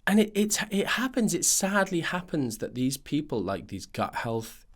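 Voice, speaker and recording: A man's voice: a little high, big pitch swings, normal speed. A man hosting a nutrition podcast, ranting in a casual monologue full of fillers and restarts.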